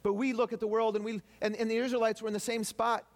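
A man's voice: sits high, flat delivery, fast talker. A man preaching a sermon to his congregation, talking animatedly and acting out people's complaints in quoted voices. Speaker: pastor.

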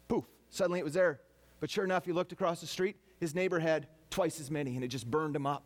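A man's voice: a little high, fast. A man preaching a sermon to his congregation, talking animatedly and acting out people's complaints in quoted voices. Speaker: pastor.

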